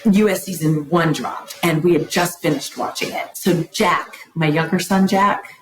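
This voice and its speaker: Low-voiced woman in a roomy space. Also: normal speed, slight background noise. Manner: animated storyteller, often acting out quoted dialogue. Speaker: guest. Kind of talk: casual interview chat. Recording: roomy echo.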